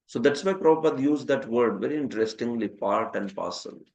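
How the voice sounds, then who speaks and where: Indian man teaching with lively asides. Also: medium pitch, a little fast, muffled recording. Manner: lively, asks "huh?" often, laughs at his own jokes. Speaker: scripture teacher. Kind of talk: classroom lecture with questions.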